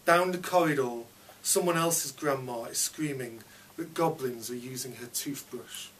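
A man's voice: medium pitch, unhurried, fairly bright tone, distant mic, slight background noise. A man reading his own story aloud at a fiction night, in a chatty child narrator's voice.

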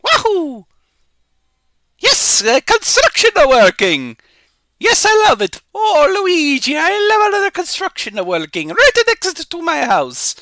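A squealing Mario. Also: male voice, very high voice, sharp tone, no room sound, clean studio sound, pitched above the performer's own voice, exaggerated voice. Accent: put-on Italian-style accent. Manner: squealing exuberant exclamations, broken English. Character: jolly Italian plumber hero, excitable adult man.

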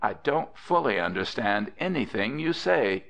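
A man's voice: medium pitch, sing-song, measured pace, creaky, a bit bright, full character voice. A man voicing a proud, wary young woman who asks strained, guarded questions in an audiobook.

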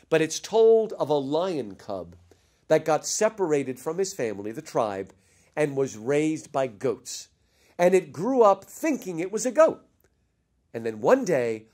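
Animated male lecturer, lively pitch. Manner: energetic storyteller, addresses listeners as folks, acts out sounds.

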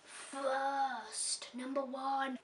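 A woman's voice: high-pitched, flat delivery, drawn-out words, recorded from a distance, background noise. A young woman chatting casually in a vlog, giggly and self-deprecating, holding the camera herself. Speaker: vlogger. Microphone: camera mic, handheld camera.

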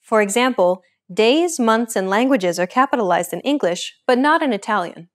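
A woman hosting a language lesson, reading a script with a clear, upbeat teacher's delivery. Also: on the high side, lively intonation, normal speed.

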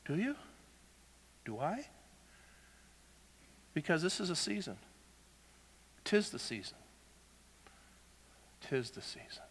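A male pastor preaching a sermon in a church, dramatic and animated, swinging from loud shouts to hushed whispers. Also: high-pitched, slow, pauses often, husky, long reverb tail.

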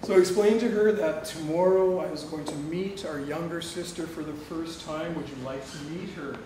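A man's voice: a little high, normal speed, mellow. A middle-aged man telling a personal story to an audience, acting out the dialogue and laughing often. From Canada. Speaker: guest speaker. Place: lecture hall on a campus. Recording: distant, echoey room recording with noise.

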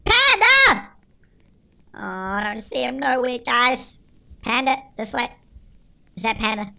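A performer voicing an excitable cartoon chipmunk in a sped-up chipmunk filter, giving panicky, shrieky game commentary as the channel host. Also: medium pitch, takes it slowly, gravelly, exaggerated voice. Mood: frantic. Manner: shrieky, panicky, constantly shouting to friends. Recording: noisy game sounds behind.

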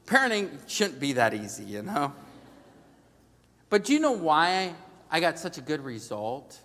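A middle-aged male pastor preaching a storytelling sermon, dropping to a hush and then rising to loud emphasis. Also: on the high side, very animated, unhurried, long pauses. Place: large church sanctuary. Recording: long reverb of a large church hall.

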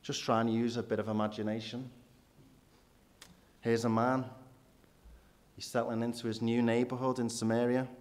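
A man, preaching a sermon in church with rhetorical questions, dropping low and quiet for emphasis. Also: little pitch movement, moderate pace, long pauses.

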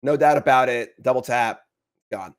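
A man casually commentating a card game match, chatty and quick to laugh, with lots of fillers and restarts. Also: mid-range voice.

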